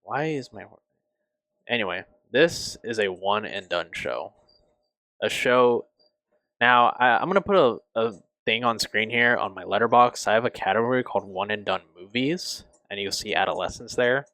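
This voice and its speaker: Young male reviewer, lowish voice, dry close sound, emotional and halting delivery with frequent swearing. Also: animated, bright, forceful tone, no room sound. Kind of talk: casual review.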